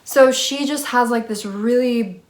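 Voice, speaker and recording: A woman's voice: a little high, a little slow. A young woman casually telling a roommate story to her channel, chatty with lots of fillers and an exasperated tone.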